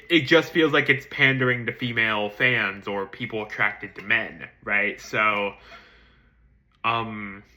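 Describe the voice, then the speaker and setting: A man giving a casual spoken film review, hesitant with many ums and restarts, swearing casually and jumping into excited emphasis. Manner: jumps to excited high-pitched emphasis.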